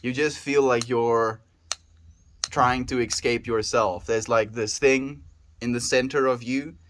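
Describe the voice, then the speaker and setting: A man's voice: medium pitch, steady tone, slow pace, a bit bright. A man livestreaming, chatting casually with his viewers, reading their messages aloud and musing in a reflective way. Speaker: daily livestreamer.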